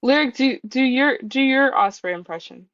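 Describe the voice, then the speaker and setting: A woman co-hosting a casual chat podcast, blunt, wry and freely profane. Her voice sits fairly high. The audio is dull and lo-fi. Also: lively intonation, normal speed, a bit bright, no echo. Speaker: podcast co-host.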